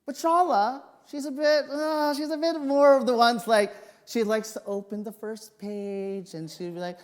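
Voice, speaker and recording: A male pastor preaching a sermon, telling personal stories in an animated, joking way. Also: very high-pitched, unhurried, clear, resonant tone. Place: church sanctuary. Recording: long reverb of a church hall.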